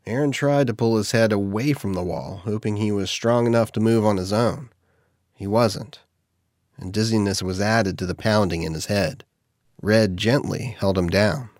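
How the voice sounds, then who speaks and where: A man reading an audiobook in steady, measured scripted narration. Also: lowish voice, no echo, studio quality.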